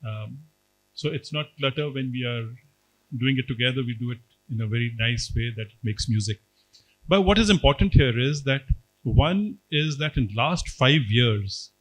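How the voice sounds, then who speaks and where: A man, a general, speaking on a conference panel in a measured way, listing points one by one. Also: mid-range voice, a bit bright, poor audio. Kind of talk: panel discussion.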